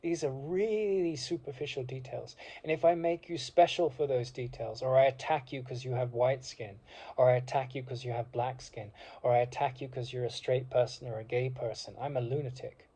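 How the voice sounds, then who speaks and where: A university degree course alumnus speaks informally in a reflective monologue that is impassioned and rambling, full of fillers and restarts. His voice is mid-range and warm, with a steady tone and a moderate pace.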